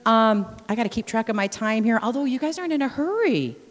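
A woman missionary with a fairly high voice talks fast as she preaches a sermon full of personal stories, acting out scenes and exclaiming praise. It's recorded in a church sanctuary with the long reverb of a large hall.

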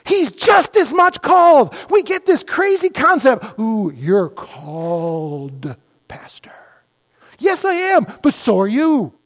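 A middle-aged male pastor giving an animated, conversational sermon full of mock dialogues. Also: extremely high pitch, a little slow, hardly any pauses.

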